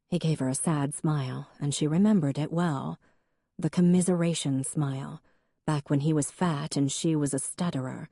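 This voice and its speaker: Audiobook narrator: woman, low, mellow voice, wry delivery, dry close recording. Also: steady tone, moderate pace, vocal fry, dry recording. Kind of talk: scripted narration.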